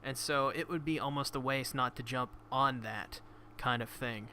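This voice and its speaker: A man's voice: mid-range voice, moderate pace, pushed and bright, slight background noise. A man speaking as a podcast guest in a casual anime review chat, rambling with lots of fillers. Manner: rambling with many fillers and restarts.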